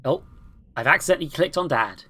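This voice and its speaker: A woman's voice: low voice, expressive, brisk, bright, forceful tone, slightly rough. A woman plays a story game on stream, chatting casually. She talks in a self-deprecating way between reading the game's lines. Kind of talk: let's play with reading aloud.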